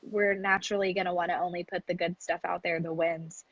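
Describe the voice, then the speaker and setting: A woman's voice: fairly low pitch, level tone, brisk, dry recording, poor audio. A woman in her thirties, a business coach for mothers, talking candidly in an interview and laughing often. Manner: candid, laughs often, acts out her own past lines. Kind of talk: casual interview conversation.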